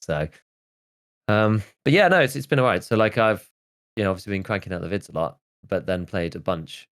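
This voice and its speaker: Low-voiced man rambling on a podcast. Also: animated, fairly quick, a bit bright. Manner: rambling, full of "like" and restarts. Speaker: podcast host. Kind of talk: casual chat.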